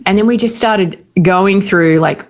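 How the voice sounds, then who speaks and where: A middle-aged Australian woman telling personal stories candidly in casual conversation, with quick asides. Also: mid-range voice. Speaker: guest.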